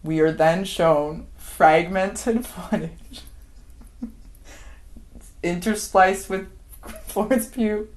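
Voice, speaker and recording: A woman's voice: on the low side, fairly even intonation, drawn-out words, long pauses. A woman giving an unscripted, rambling movie recap, often laughing as she acts out scenes. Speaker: film commentator.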